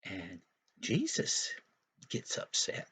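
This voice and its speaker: A man's voice: extremely slow, pushed and bright. A man teaching Sunday school, retelling a Bible story for young children in a folksy, explanatory way with frequent asides.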